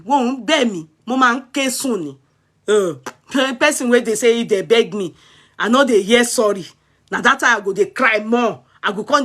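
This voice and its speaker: A woman's voice: a little high, a bit bright. A Nigerian woman vlogger with a Yoruba-tinged accent, telling a comic childhood story in Pidgin, acting out the crying and laughing often.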